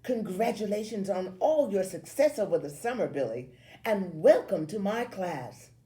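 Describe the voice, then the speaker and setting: A woman's voice: medium pitch, big pitch swings, normal speed, dark tone, pitched above the performer's own voice, lightly acted. A woman voicing a cheerful, fussy homeroom teacher who is overly welcoming.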